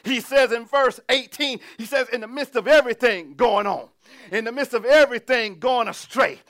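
A man preaching a sermon, reading scripture and building to shouted, humming, laughing exclamations. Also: very high voice, moderate pace.

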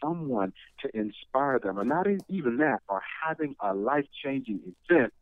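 A man's voice: mid-range voice, expressive, moderate pace, no echo. Middle-aged guy giving pep-talk answers, tinny phone sound, dry. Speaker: guest. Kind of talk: conversational interview.

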